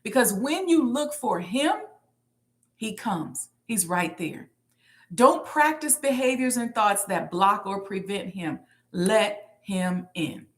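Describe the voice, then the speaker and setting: A woman hosting a motivational teaching talk, speaking emphatically and slowing down to repeat key lines. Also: fairly high pitch, big pitch swings. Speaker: host and entrepreneur teacher.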